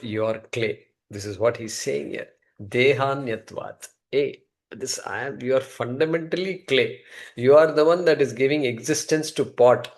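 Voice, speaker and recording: A man teaching a scripture class, conversational and repeating key terms as he explains. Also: mid-range voice. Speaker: Vedanta teacher.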